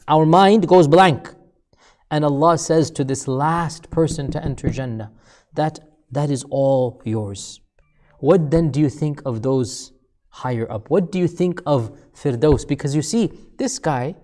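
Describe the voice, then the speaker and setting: A man preaching a sermon, telling a story with emphatic repeated phrases that build up and then fall to a low, hushed voice.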